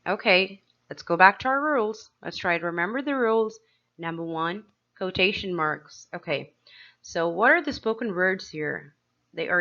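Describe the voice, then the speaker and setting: A woman teacher giving a slow, clear grammar lesson to young pupils, asking them questions as she explains each step. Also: fairly low pitch, sharp tone, lo-fi sound. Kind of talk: grade-school grammar lesson.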